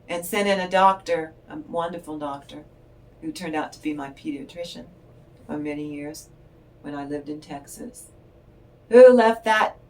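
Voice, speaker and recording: Older woman, distant and low-toned. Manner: chatty, rambling, laughs often. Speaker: tarot reader. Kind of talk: casual spiritual chat and storytelling. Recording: voice distant from the mic.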